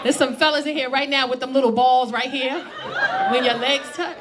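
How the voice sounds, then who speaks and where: Brash high-voiced woman doing stand-up. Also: fairly even intonation, moderate pace, heavy background noise. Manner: brash, profane, conversational. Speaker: stand-up comedian. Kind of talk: stand-up comedy set. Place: comedy club stage. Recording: live club crowd laughing.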